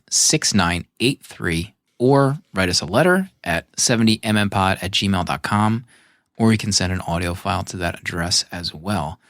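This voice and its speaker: Podcast co-host, male, lowish voice, dry and close, laughs easily. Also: no room sound. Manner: laughs easily, relaxed announcer tone. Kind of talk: casual chat, reading show notes and voicemails.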